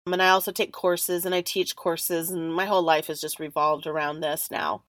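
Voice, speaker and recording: A woman hosting a podcast, telling a story in an animated way and acting out the other people's lines. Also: low voice, normal speed, no echo. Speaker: podcast host. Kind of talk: storytelling monologue.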